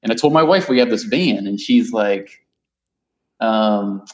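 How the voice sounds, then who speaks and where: A middle-aged man telling a story in casual chat, halting and full of fillers, with dry humor. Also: lowish voice, animated, echoey room, highs cut off. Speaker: guest.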